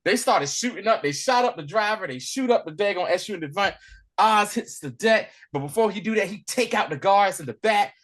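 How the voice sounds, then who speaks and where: A man casually retelling a TV episode in loose, slangy speech, animated and acting out bits as he goes. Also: high voice, fairly quick. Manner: animated storyteller, loose and slangy, acts out lines. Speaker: podcast co-host recapping a TV episode. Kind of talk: casual recap chat.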